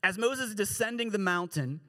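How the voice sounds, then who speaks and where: High-voiced man preaching casually. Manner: animated, acts out characters in quick voices; slangy, joking asides. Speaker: pastor. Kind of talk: casual storytelling sermon.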